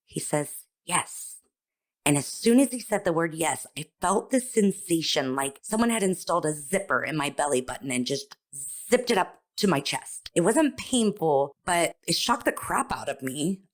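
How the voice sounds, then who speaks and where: A woman podcaster telling a personal testimony in an expressive, self-deprecating way, acting out her own thoughts. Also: sits low, moderate pace. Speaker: author and podcaster.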